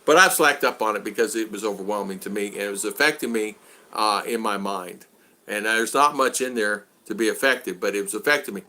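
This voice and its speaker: A man's voice: lowish voice, a little fast. An older man hosting a casual video chat, telling stories and acting out exasperated quotes. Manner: animated, acts out exasperated quotes. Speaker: vlog host.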